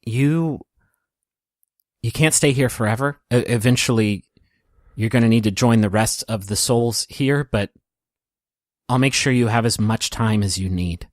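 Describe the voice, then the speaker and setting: A man's voice: medium pitch, a little slow, long pauses, no echo, studio quality, close to an everyday voice. A man doing a kind guardian of souls. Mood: reassuring. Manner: kind, reassuring. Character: calm male guardian of souls. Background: soft piano and guitar music.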